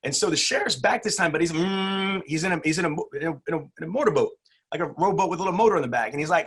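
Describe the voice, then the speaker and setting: A man's voice: on the high side, very fast, fairly bright tone, breathy edge. A man chatting on a podcast and telling a joke, talking directly and animatedly about car sales. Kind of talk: casual podcast chat.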